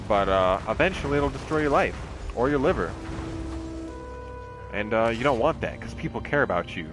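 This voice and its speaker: Profane, rambling young man streaming a game. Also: on the low side. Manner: rambling, profane, laid-back, tangent-prone. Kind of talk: casual live-stream commentary. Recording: game music playing behind the voice.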